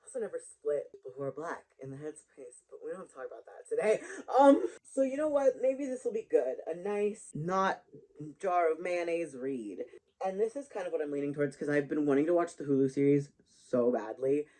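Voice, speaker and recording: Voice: mid-range voice, animated, a little fast, darkish tone, rough recording. A book vlogger chatting casually to camera in a rambling way, often laughing at their own jokes, recorded on a built-in camera mic.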